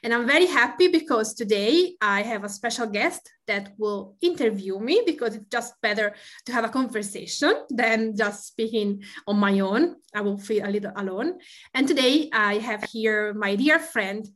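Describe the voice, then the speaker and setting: A woman's voice: mid-range voice, normal speed, a bit bright. Italian woman in her forties hosting a podcast. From Tuscany, Italy. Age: 40s. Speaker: podcast host. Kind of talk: podcast chat.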